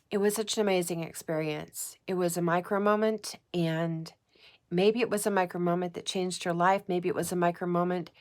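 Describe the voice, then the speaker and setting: A woman talking straight to the camera in a heartfelt personal vlog, earnest and emotional, repeating phrases for emphasis and close to tears. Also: fairly low pitch. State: tearful at times. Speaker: psychic vlogger. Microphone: camera mic, talking to camera.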